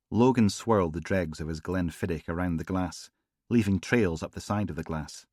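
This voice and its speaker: A man narrating a crime audiobook in a measured, dry storytelling manner on a close mic. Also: sits low, dark tone, dry recording. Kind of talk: scripted narration.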